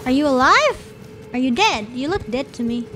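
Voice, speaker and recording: High-voiced playful woman streamer. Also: big pitch swings, moderate pace. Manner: playful and teasing, laughs often, sudden squeals. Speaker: virtual streamer. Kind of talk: casual gameplay commentary. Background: game music.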